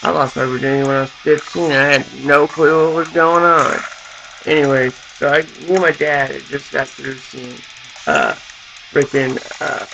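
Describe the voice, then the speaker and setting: A man's voice: fairly high pitch, vocal fry, sharp tone, slight background noise, poor audio. A young man from Southern California, a vlogger rambling and swearing in a casual rant to his camera. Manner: profane, rambling, full of fillers. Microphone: camera mic.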